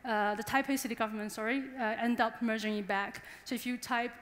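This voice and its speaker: A woman's voice: a little high, steady tone, brisk, a bit bright. A young woman from Taiwan, giving a chatty, engaging conference talk and addressing the audience directly. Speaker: conference speaker. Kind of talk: conference presentation. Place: conference hall. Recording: long hall reverb.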